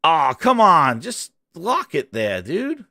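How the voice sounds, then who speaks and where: Man, gaming stream host, casual rant, high voice, dry close sound. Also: takes it slowly, dry recording. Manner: animated, ranting, chats with viewers. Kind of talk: casual livestream commentary.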